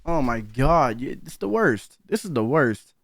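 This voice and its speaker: A man's voice: medium pitch, big pitch swings, a little slow, creaky, dry recording, studio quality. A man giving casual reaction commentary, heated and profane, openly disbelieving what he hears.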